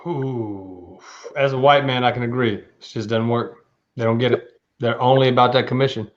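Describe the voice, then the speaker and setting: Casting note: easygoing male podcast co-host, mid-pitched, bantering, slightly dull lo-fi recording. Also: steady tone, moderate pace. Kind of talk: casual chat.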